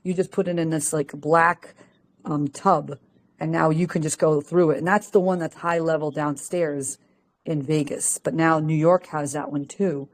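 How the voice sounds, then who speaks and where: Brief: woman from Peru, lower voice, chatty call participant who laughs and acts out quotes. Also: fairly even intonation, moderate pace. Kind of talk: casual chat.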